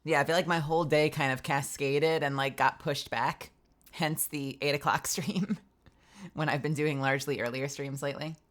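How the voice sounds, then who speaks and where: A woman voice actor streaming from her home booth, telling a story in an animated way and acting out both sides of the conversation. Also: low voice, moderate pace. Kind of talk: casual stream chat.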